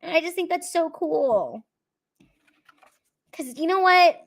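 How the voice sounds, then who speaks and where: A woman's voice: very high voice, animated, takes it slowly. A young woman chatting casually on a livestream, tearful and emotional, rambling and swearing freely. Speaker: comedian livestreaming to fans.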